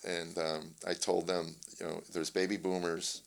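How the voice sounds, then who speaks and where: A man's voice: deep voice, normal speed, gravelly. An older man, a comedian guest in an interview, telling family stories and acting out the dialogue. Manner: animated storyteller, acts out family dialogue. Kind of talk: casual storytelling interview.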